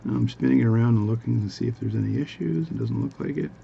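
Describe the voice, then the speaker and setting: Gravelly man chatting at a workbench. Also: mid-range voice, fast talker, lo-fi sound. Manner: rambling, jokey, self-amused asides. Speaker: hobby watchmaker. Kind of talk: casual workbench tutorial chat. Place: home workbench.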